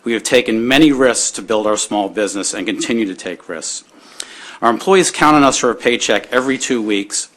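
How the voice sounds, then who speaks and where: A man's voice: mid-range voice, brisk, fairly bright tone. A man, a business owner, giving firm and formal prepared testimony at a hearing.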